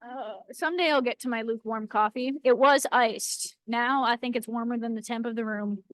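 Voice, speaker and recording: A woman's voice: on the high side, steady tone, normal speed, no room sound. A woman with a Boston accent co-hosting a casual live stream, playful and teasing. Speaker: co-host of a live rock-cutting stream.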